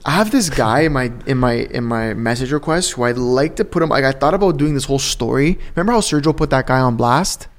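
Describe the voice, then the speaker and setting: A man's voice: mid-range voice, a little fast, few pauses. A man chatting casually as a podcast co-host, telling a story animatedly, swearing often and acting out what others said. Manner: animated storyteller, swears a lot, acts out quotes. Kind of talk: casual chat.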